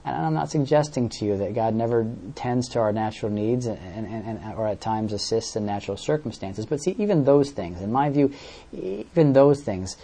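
A man's voice: lowish voice, dark tone. A man preaching a sermon, explaining verses with everyday examples and often repeating words as he searches for the next phrase.

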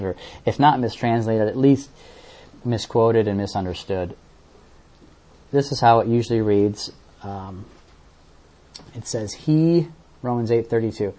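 A man's voice: on the low side, dark tone. A man preaching a sermon, explaining verses with everyday examples and often repeating words as he searches for the next phrase.

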